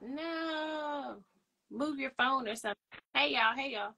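A woman's voice: high-pitched, measured pace, vocal fry, noisy background. A woman hosting a podcast over a video call, chatty and emphatic, often repeating herself. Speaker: podcast host. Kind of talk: casual chat.

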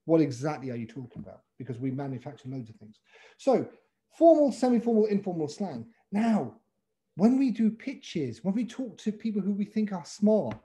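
A man with an English accent, a pitch coach teaching a webinar over a video call in a playful way, calling on participants by name. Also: warm tone. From England.

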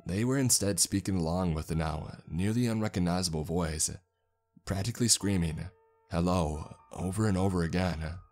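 A man with a deep, low-pitched voice tells a first-person horror story at a measured, deliberate pace. His delivery is steady and suited to scripted narration, with soft music playing faintly underneath.

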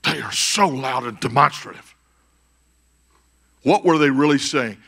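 A man preaching a conference sermon as pastor, swinging between shouted peaks and hushed, quiet passages. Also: mid-range voice, animated, unhurried, breathy edge. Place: church conference stage.

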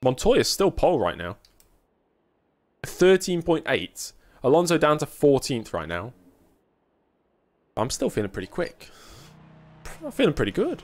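A man's voice: mid-range voice, sing-song, measured pace, pauses often. A man giving casual live commentary while sim racing and chatting with viewers, with dry self-mocking humor.

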